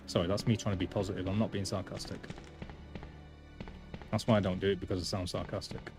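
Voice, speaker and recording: Low-voiced streamer chatting. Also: male voice, fairly even intonation, brisk, long pauses, music in the background. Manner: chatty, self-deprecating, talks to chat while playing. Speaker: gaming streamer. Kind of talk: casual live-stream commentary.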